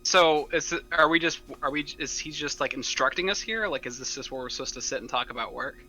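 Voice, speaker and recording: A man's voice: on the high side, a little fast, sharp tone, rough recording. A man playing a tabletop game, hesitant and questioning. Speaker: player.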